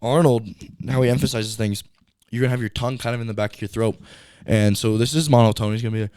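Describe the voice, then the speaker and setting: Smooth-voiced young man, laid-back. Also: medium pitch, fairly even intonation, quick pace, a little mellow, no room sound. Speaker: podcast co-host. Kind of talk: casual podcast chat.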